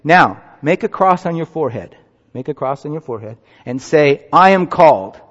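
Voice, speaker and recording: This pastor's voice is a little high and a bit bright, animated at a moderate pace. He's delivering a children's sermon in the sanctuary, urging everyone to join a group activity, and the recording comes through muffled with church reverb.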